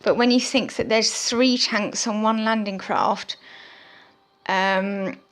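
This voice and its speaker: A woman's voice: medium pitch, fairly even intonation, slow pace. A woman hosting a gaming channel, giving chatty mobile game commentary with lots of ums and frequent asides to viewers as "guys". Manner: chatty, filler-heavy, addresses viewers as guys.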